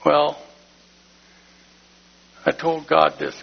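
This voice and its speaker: A man's voice: on the high side, steady tone, a little slow. A man giving an emotional personal testimony in church, plain-spoken and heartfelt. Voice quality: gravelly, husky voice. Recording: dull lo-fi recording.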